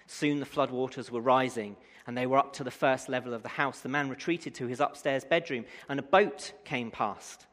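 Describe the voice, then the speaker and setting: A man preaching a sermon, his voice ringing out in a hall with a long echo trailing after each phrase. He swings from loud, rousing declarations to a calm, conversational teaching tone. His pitch sits in the middle for a man. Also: moderate pace, few pauses.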